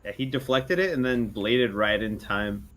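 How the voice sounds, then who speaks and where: A man's voice: on the low side, lively intonation, moderate pace, a bit bright. A man co-casting an esports match, chatty and joking, laughing often. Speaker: esports co-caster. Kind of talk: esports color commentary.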